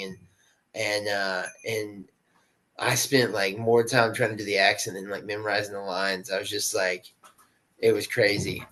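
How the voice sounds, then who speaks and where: A man's voice: fairly low pitch, a bit bright, low-quality recording. A man, an actor guest on a podcast, talking in a laid-back, slangy way with lots of "dude" and "like.". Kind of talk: casual interview chat.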